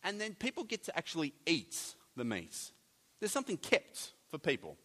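A man preaching a sermon, animated, with jokey asides and big swings between loud and soft. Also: fairly high pitch, moderate pace. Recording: long hall reverb.

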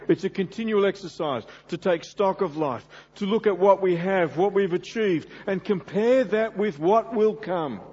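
Preacher: middle-aged man, slightly high husky voice, earnest and direct, lo-fi church recording. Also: a little mellow. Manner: earnest, direct address to congregation. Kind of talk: sermon. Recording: dull lo-fi sermon recording.

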